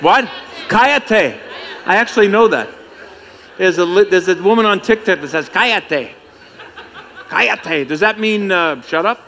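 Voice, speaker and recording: A man's voice: sits high, expressive, moderate pace, a bit bright. A man emceeing a conference, bantering and joking with the audience in a playful, teasing way. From United States. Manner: playful, teasing, self-mocking.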